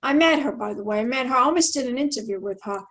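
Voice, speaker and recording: A woman hosts the interview over a video call in a notably high voice. She rambles happily through long anecdotes and leans hard on her points as she tells them. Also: animated, rapid-fire, fairly bright tone, poor audio. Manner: talkative, rambling, emphatic storyteller. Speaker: interview host. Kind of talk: casual interview chat.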